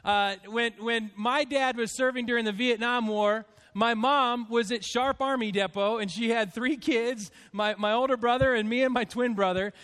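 High-voiced pastor, choked up. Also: male voice, fairly even intonation, a bit bright, smooth. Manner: heartfelt, emotional, halting. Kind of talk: church address to congregation. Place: church.

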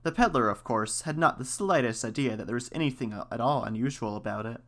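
A man's voice: medium pitch, a little fast, fairly bright tone. Man reading a folktale aloud. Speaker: storyteller.

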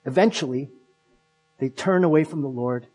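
A male pastor preaching a sermon, retelling stories and acting out the quotes with shifts from loud to hushed. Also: mid-range voice, normal speed, poor audio.

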